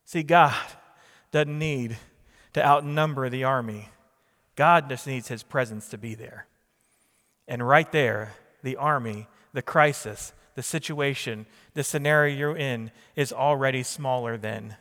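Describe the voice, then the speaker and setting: A man's voice: medium pitch, a little slow, fairly bright tone. Emphatic preacher man in a reverberant hall. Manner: emphatic preaching with repeated phrases and questions to the congregation. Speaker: pastor. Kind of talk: sermon.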